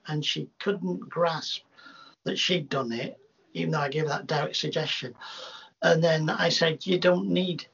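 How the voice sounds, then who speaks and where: A man with a gravelly, husky voice pitched a little high tells his stories in a rambling, lively way, restarting often. The recording is dull and lo-fi. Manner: rambling, animated anecdotes with many restarts. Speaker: hypnotherapist guest. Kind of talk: casual storytelling in an interview. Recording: dull lo-fi sound.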